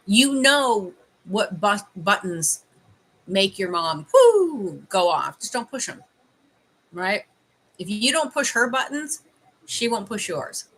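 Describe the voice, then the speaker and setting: A woman's voice: mid-range voice, bright, forceful tone, husky, poor audio. A middle-aged woman from Canada doing a casual livestream as a life coach, chatting with viewers while tasting candies and giving advice.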